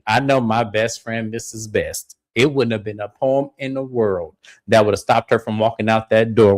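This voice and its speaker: Co-hosting a recap of a reality show, a man walks through the events in casual chat, slipping into high-pitched impressions of the cast members. There's no echo on the recording.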